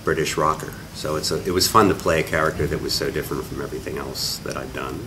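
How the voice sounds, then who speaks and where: A man with a very deep voice speaks in a wry, self-mocking, chatty way in a casual press interview. Loud background noise from a busy convention hall sits behind him. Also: fairly even intonation, quick pace, recorded from a distance. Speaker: actor interviewed at a press junket.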